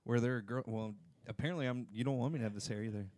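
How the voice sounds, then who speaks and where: A man chats on a podcast in a relaxed way and pokes fun at himself. His voice sits at an ordinary, middle pitch. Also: rapid-fire. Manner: self-deprecating, laid-back. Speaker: podcast co-host. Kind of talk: casual chat.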